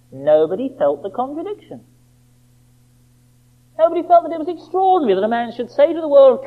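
Over a tinny recording that sounds like a phone line, a preacher's high voice rises and falls dramatically. His sermon is emphatic and full of rhetorical questions, and he slows down to read scripture deliberately.

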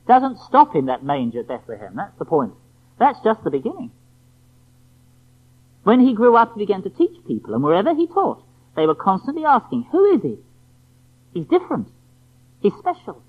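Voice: mid-range voice, wildly swooping pitch, normal speed. A preacher giving an evening sermon, emphatic and rhetorical, often asking the listeners questions. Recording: tinny phone-like lo-fi sound.

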